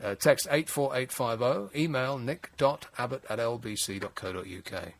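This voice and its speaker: A man's voice: mid-range voice, normal speed, no room sound. A man hosting a late-night radio phone-in, wry and exasperated, rambling with frequent restarts. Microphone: studio mic.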